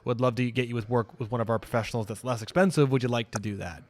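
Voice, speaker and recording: A man's voice: medium pitch, fairly even intonation, very fast, darkish tone. A man hosting a podcast interview, chatting enthusiastically about his own facility. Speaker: podcast host. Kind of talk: casual interview chat.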